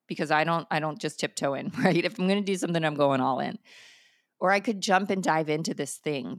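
Brief: middle-aged woman, low voice, dry close sound, emphatic podcast storyteller. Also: a little fast, no echo. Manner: energetic, emphatic, many fillers. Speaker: podcast host and coach. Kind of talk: personal storytelling monologue.

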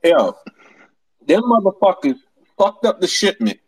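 A man co-hosting a casual live audio chat, telling self-mocking stories full of swearing. His voice sits a bit high and swings widely in pitch, giving him a very animated delivery. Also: measured pace, husky, poor audio. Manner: lively storyteller, self-mocking, profane. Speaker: podcast co-host.

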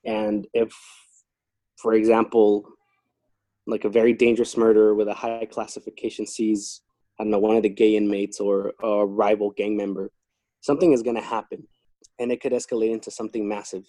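A man's voice: on the low side, a little fast, no room sound. A man who works as a corrections officer, chatting casually and telling stories about his job. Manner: relaxed, chatty, talks through work stories. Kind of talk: casual interview storytelling.

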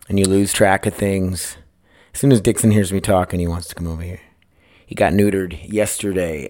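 A man hosting a casual solo podcast, talking in a rambling, blunt and profane way that turns heated. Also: lowish voice. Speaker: podcast host. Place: at home with a dog nearby.

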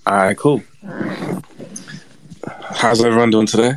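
A man chatting casually as a guest, relaxed and easygoing. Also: fairly low pitch, unhurried, slight background noise. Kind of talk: casual chat.

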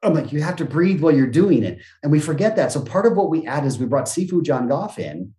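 Animated motivational man, lively swooping voice. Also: fairly high pitch, brisk, roomy sound. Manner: animated, acts out quoted voices and gasps, casual swearing. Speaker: motivational speaker and business coach, podcast guest. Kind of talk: energetic conversational interview talk.

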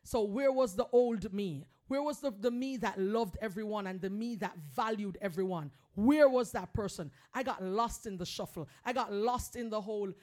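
A woman's voice: medium pitch, normal speed, hardly any pauses, darkish tone. Earnest woman hosting a motivational podcast. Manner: earnest, emphatic, preachy encouragement. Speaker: podcast host. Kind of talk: heartfelt motivational podcast talk.

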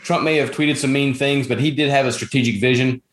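A man's voice: mid-range voice, steady tone, fairly quick, echoey room. A man hosting a political talk show, blunt and opinionated, with frequent fillers. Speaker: podcast host. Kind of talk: political chat.

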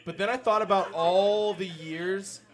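A man's voice: high voice, fairly even intonation, unhurried. A man in his thirties co-hosting a live podcast in a comic shop, telling stories at length in an earnest, rambling way. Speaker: podcast co-host. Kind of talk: casual live podcast banter. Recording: live room with crowd noise. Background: live audience.

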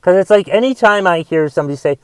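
A man's voice: high-pitched, expressive, fast talker, clear, resonant tone, dry recording, rough recording. A man hosting his own podcast, ranting on his own in a casual, profane way, with many repeats and false starts. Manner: profane, repetitive, frequent restarts. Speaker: podcast host. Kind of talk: casual monologue rant.

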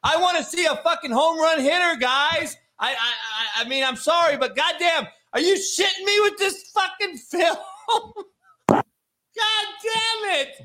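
Loud high-voiced man ranting and swearing. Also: unhurried. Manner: loud, exasperated ranting with bursts of laughter; heavy swearing. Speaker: football film reviewer. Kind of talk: profane casual commentary on recruit film.

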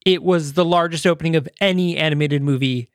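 A man hosts a podcast in loose, casual chat, his voice sitting a little high for a man. He rambles through fillers and restarts and acts out quotes in quick little voices. The sound is dry and close. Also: no room sound. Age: adult parent. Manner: animated retelling, quoting others in little voices. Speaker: podcast host.

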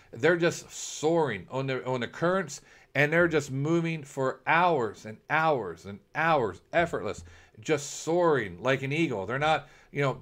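A man's voice: medium pitch, a bit bright. A man preaching a sermon, earnest and repetitive, often restarting phrases as he builds a point. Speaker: preacher, ministry founder.

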